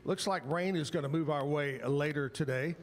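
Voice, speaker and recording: A man hosting a live morning talk show from a bar stage, upbeat and joking. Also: on the high side. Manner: upbeat, joking, quick asides.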